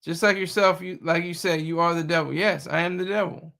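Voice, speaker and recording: A man's voice: on the high side, fairly even intonation, fairly quick, vocal fry, pushed and bright. A man streaming live, talking back to chat and news clips in a mocking, combative way. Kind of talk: casual live-stream commentary.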